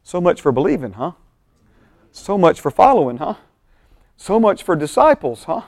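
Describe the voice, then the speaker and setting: Leading a Bible study, a high-voiced male pastor speaks with lively energy and keeps pausing to ask the class if they're with him. The audio is dry and close-miked, with no echo from the room.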